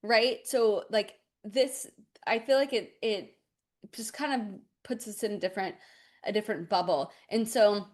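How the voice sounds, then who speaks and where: A woman's voice: mid-range voice, a little slow. A woman hosting an interview, encouraging and supportive, speaking loosely with many fillers. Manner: warm, encouraging, rambling with fillers. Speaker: nutritionist host. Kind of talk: casual interview.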